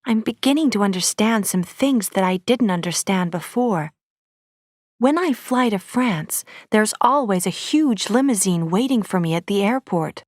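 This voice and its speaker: Clear, steady woman reading a story. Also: mid-range voice, unhurried, no room sound, clean studio sound. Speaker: audiobook reader. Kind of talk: graded-reader story narration.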